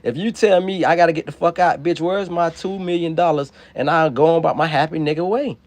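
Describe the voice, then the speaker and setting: A man, ranting loudly and preachily into a handheld phone on a livestream outdoors. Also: on the high side, fairly even intonation, a little fast, no echo. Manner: loud, profane, preachy and emphatic. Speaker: livestream host. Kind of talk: profane ranting monologue. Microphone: phone held in hand.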